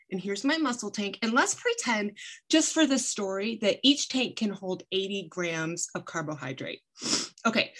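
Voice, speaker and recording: Woman teaching a nutrition webinar. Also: mid-range voice. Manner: explains with everyday analogies and props; conversational, uses "like" and "right?". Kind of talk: educational webinar talk.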